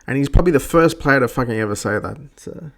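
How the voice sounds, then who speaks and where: A man's voice: mid-range voice, animated, fast, creaky, fairly bright tone. A man hosting a podcast, ranting bluntly and profanely in a rambling way. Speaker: podcast host. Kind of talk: profane opinion rant.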